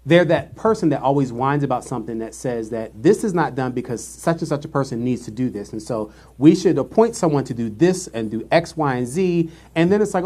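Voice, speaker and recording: A lively, sassy man chatting on a live-streamed show, telling stories with plenty of attitude. His voice sits in an ordinary middle pitch. He talks casually and expressively. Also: a little fast, hardly any pauses, breathy edge. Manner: animated storyteller, sassy asides. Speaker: podcast co-host. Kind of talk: casual chat.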